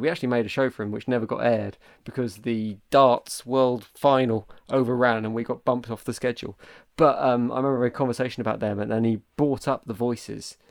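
A man co-hosting a podcast, chatting casually in a teasing, reflective way. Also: mid-range voice. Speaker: podcast co-host.

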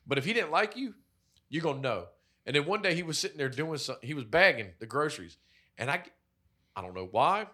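A young man in casual chat, telling rough, profane stories about old jobs and acting out what people said. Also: on the high side, a little fast. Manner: profane, animated storyteller acting out quotes.

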